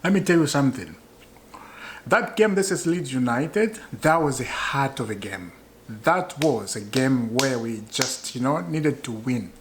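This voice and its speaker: A man's voice: mid-range voice, animated, measured pace, slight background noise. Annoyed male football fan, repeating himself. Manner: annoyed, repeats points for emphasis; rhetorical questions to viewers, chuckles often. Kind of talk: casual reaction vlog.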